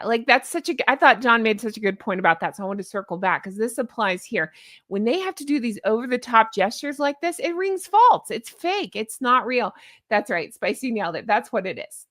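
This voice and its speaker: Chatty woman, lively voice. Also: a little high, dry recording, studio quality. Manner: chatty, jokey, greets viewers. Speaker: host of a commentary channel. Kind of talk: casual livestream chat.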